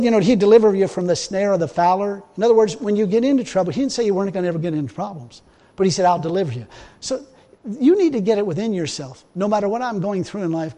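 A man with a notably high voice delivers a folksy, emphatic sermon. He swings from loud exhortation to quiet, wry asides, chuckling along the way. The sound carries a long reverb from a large hall. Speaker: preacher.

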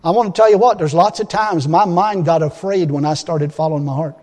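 A man's voice: on the high side, a little fast, darkish tone, in a large hall. A man preaching a sermon in an emphatic, folksy way, often restarting his phrases.

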